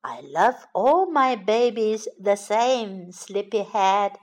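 A woman voicing a tired but gentle mother rabbit, speaking softly in a soothing, sing-song way. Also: medium pitch, expressive, slow pace. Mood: tender.

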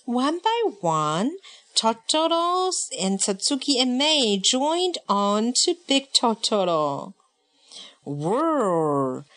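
A woman reads a picture book aloud, taking her time over every line. Her somewhat high voice swoops up and down with lively melody, and she chants the sound effects playfully. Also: takes it slowly. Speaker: storybook reader.

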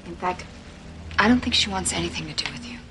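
A woman's voice: fairly low pitch, expressive, fast, noisy background, lightly acted. An actress playing a wary mother in a TV drama, talking in a blunt, dismissive way. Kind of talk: TV drama acting.

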